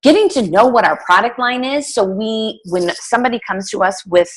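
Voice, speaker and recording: A woman's voice: on the high side, lively intonation, moderate pace, slightly rough. A middle-aged woman, a fitness coach, giving a casual team training talk, chatty with many fillers and restarts.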